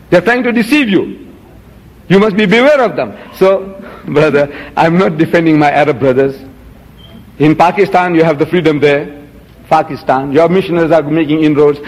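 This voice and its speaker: A man's voice: on the high side, in a large hall. A man giving a public lecture, indignant and rhetorical, holding up items for the audience. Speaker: Muslim lecturer.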